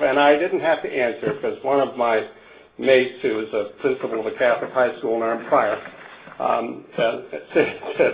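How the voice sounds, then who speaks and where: A man's voice: mid-range voice, normal speed, vocal fry. An older man from Canada giving a conference lecture, a wry storyteller who chuckles at his own jokes and stumbles over restarts. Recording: phone-like narrow band.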